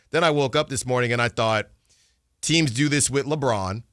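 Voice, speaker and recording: A man hosts a sports radio show in an easy, chatty way and gets animated as he talks. His voice is bright and pushed forward. It sounds close and dry in the studio. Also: moderate pace, no echo. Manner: chatty, animated, jumps pitch when excited. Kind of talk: casual sports talk.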